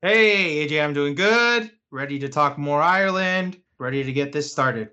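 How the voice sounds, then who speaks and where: A man's voice: a little high, normal speed, bright, forceful tone, clean tone, dull audio. A young man co-hosting a casual podcast, easygoing and chatty, with lots of "um"s. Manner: easygoing, chatty, with many fillers. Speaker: podcast co-host. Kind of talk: casual chat.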